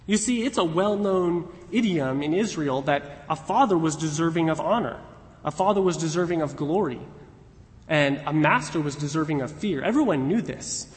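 A man giving an earnest expository Bible teaching, retelling God's words as lively paraphrase. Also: on the high side, normal speed. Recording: long hall reverb.

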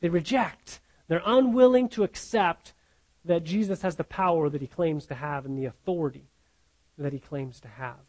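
A man with a fairly high voice preaches a sermon, walking his listeners through a Bible passage. He teaches earnestly, repeats key phrases for emphasis and often checks in with "right?". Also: moderate pace, darkish tone, low-quality recording.

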